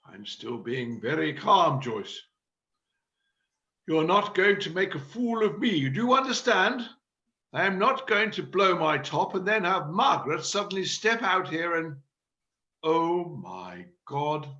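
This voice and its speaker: A man's voice: high-pitched, lively intonation, measured pace, sharp tone, dull audio, full character voice. A man playing a pompous frantic theatre director. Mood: strained calm. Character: fussy exasperated male panto director. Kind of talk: amateur play reading. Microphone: video call.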